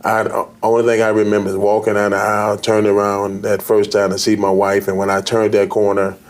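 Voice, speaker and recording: A man, a pastor, telling in an interview how he came out of a coma, halting and repeating words earnestly. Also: fairly low pitch, completely flat delivery. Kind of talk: interview guest recounting illness. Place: TV studio.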